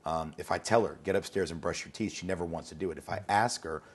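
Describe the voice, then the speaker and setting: A man interviewed as an educator talks conversationally and tells anecdotes, often repeating words as he starts a thought. His voice is deep and husky, with a quick pace.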